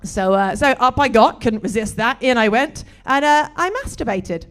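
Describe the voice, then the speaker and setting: Middle-aged british woman doing stand-up, dry deadpan, a bit high-pitched. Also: normal speed. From Britain. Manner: dry, deadpan delivery with bawdy jokes. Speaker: stand-up comedian. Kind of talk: stand-up comedy set.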